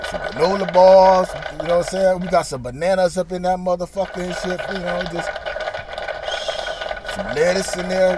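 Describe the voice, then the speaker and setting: A man telling a crude story in a rambling, profane way, dropping to mutters and then bursting loud. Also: fairly high pitch, background noise.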